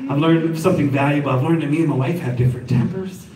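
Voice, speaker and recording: A man doing a stand-up comedy set, working the crowd with an animated delivery at a live show. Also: fairly high pitch, fast, far from the mic. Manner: animated, crowd work with audience. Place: live venue with audience. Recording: live show, roomy with loud audience. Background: crowd laughter and noise.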